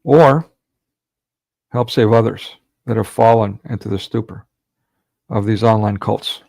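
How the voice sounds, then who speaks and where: A man's voice: on the low side, measured pace, vocal fry, darkish tone, no room sound. A man hosting a livestream watch party, preaching with fervent, rhetorical force. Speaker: livestream host.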